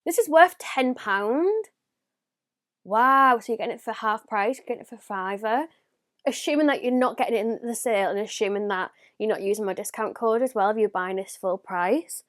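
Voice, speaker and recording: A young woman unboxing makeup in a casual vlog, gushing and excitable, now and then dropping to a whisper or gasping. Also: medium pitch, normal speed, dry recording, clean studio sound. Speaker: beauty vlogger.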